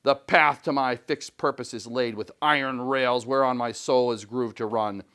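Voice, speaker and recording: A man reading aloud as a defiant, obsessed old sea captain in a classroom, slow and declamatory. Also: mid-range voice, fairly even intonation, fairly bright tone, smooth, close to an everyday voice. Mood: grandiose. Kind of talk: dramatic read-aloud in class.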